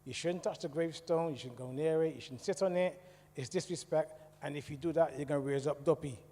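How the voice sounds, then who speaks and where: Man from the West Indies telling his story to a congregation in a chatty way; warm, somewhat high voice in a hall with long reverb. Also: fairly quick. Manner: conversational, asks the audience questions. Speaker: church speaker. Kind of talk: testimony talk to a congregation. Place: church hall.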